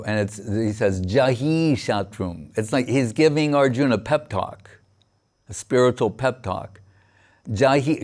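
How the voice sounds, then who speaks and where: A man, a spiritual teacher, giving a sermon on scripture in a halting way, reciting verses and restarting often. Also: medium pitch, a little mellow.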